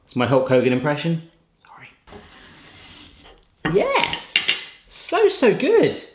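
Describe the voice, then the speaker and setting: A man, testing kitchen gadgets at home in casual chat and often bursting into excited exclamations. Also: on the high side, moderate pace, roomy sound.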